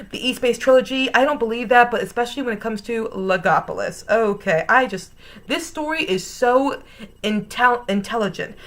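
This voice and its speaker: An American woman giving a casual, opinionated fan review in an animated, emphatic way. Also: on the high side. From United States.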